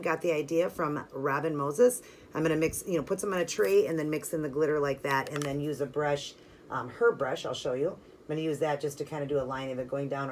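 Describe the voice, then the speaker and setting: Low-voiced woman chatting through a tutorial. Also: slight background noise. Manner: chatty and friendly, filler-heavy ("like", "you know"); instructive, talks while working hands-on. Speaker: nail art channel host. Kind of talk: casual step-by-step tutorial narration.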